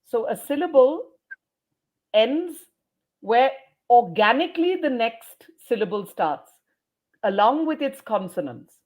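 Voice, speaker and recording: A woman's voice: a little high, sing-song, slow pace, long pauses, muffled recording. A woman educator answering interview questions, explaining points emphatically like a teacher and sounding out words. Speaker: educator and trainer, interview guest.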